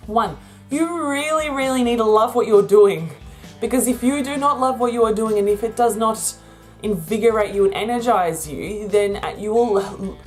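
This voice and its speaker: A woman's voice: on the high side, moderate pace, faint music behind. A woman talking through a rambling, casual vlog about her business, laughing often. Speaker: vlogger and virtual assistant business owner.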